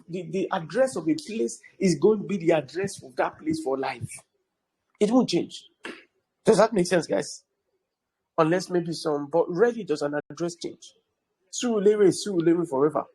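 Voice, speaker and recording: A man's voice: high voice, darkish tone, breathy edge, poor audio. A man teaching real estate in an online class over a video call, repeating key points and checking in with his students. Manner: keeps checking in with the audience, emphatic repetition.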